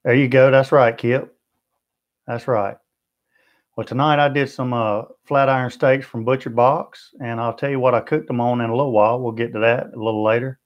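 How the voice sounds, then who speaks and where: A man's voice: mid-range voice, fairly even intonation, moderate pace, dull audio. A man with a Southern US accent hosting a barbecue livestream, chatting in a friendly way and answering viewer comments one by one. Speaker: BBQ channel host. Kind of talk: livestream chat.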